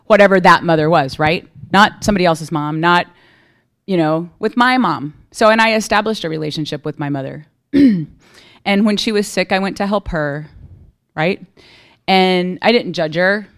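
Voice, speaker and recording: At a recovery meeting, a woman speaks candidly at a moderate pace in a fairly low voice. Her testimony is conversational, and she keeps asking "right?" to check in with the people listening.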